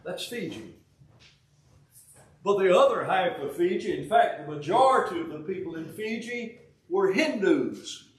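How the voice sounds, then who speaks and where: An elderly Southern US man in his eighties preaches a sermon in a folksy manner, with joking asides and halting restarts. His voice sits slightly high for a man. The recording picks him up from a distance in a roomy, echoing hall. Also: expressive. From Alabama, US. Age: 80s.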